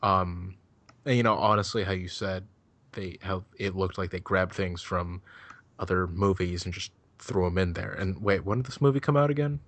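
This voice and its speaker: A man's voice: sits low, fairly even intonation, normal speed, a bit bright, dry recording. A man chatting casually on a podcast, rambling loosely and swearing freely as he gives his take on a film. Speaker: podcast co-host. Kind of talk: casual chat.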